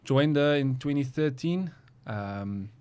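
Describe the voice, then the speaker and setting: Casting: young athlete, smooth voice, relaxed and hesitant. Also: male voice, medium pitch, slow. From South Africa. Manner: relaxed, hesitant with many ums. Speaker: athlete guest. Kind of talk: casual interview chat.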